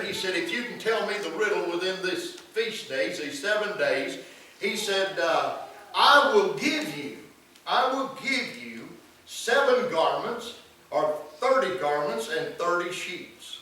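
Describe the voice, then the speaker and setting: Preacher retelling a story, echoey. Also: male voice, high-pitched, fairly bright tone, a little hiss or hum. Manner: folksy storytelling with acted-out quotes. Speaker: pastor. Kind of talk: sermon. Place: church sanctuary. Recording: echoey church room from far off.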